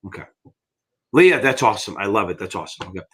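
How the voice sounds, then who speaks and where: A man's voice: on the low side, expressive, quick pace, fairly bright tone, breathy edge. A middle-aged American man teaching exam prep in a live Q&A, blunt and rambling, with frequent swearing.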